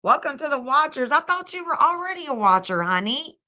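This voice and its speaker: A woman's voice: high voice, very animated, a little fast, pushed and bright. A woman hosting a casual livestream, gushing over viewers and thanking them by name. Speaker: livestream host and astrologer.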